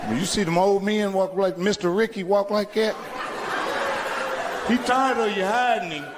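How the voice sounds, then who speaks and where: A man doing stand-up comedy, telling a story in an animated, profane way and acting out the people in it. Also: sits high, normal speed, very noisy. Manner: animated, profane, acts out the people in his stories. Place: stage in a large venue with a live audience. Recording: live hall reverb and a loud laughing crowd.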